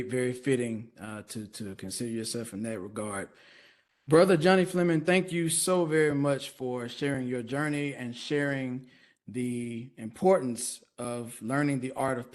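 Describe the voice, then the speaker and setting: A man hosting an online talk show interview, speaking in a measured way and repeating words for emphasis. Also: mid-range voice.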